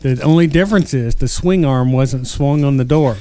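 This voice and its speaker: A man's voice: mid-range voice, moderate pace, dark tone, smooth. A man co-hosting a radio talk show, telling a wry, teasing story. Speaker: radio co-host. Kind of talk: storytelling banter.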